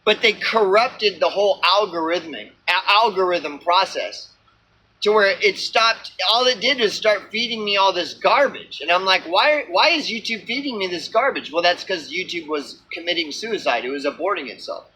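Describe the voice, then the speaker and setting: A man with a high, sharp voice rants to his camera in a loose vlog. He swears freely and circles back on himself with many fillers and false starts. His tone is tense and bright throughout. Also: moderate pace, slight background noise, rough recording. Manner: profane, repetitive, many fillers and restarts. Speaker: small channel vlogger. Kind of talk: rambling unscripted rant to camera.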